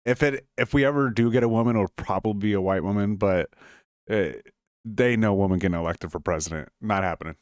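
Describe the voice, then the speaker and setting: A man's voice: lowish voice, brisk, no room sound, clean studio sound. A man co-hosting a political commentary show, sarcastic and mocking in his remarks.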